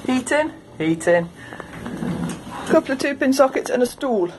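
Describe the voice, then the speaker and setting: A woman chatting her way around a ferry as a travel vlogger, lively and quick to laugh. Her voice sits a little high. A constant hum of ship noise runs under everything she says. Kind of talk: casual walk-through commentary. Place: ferry car deck and cabin.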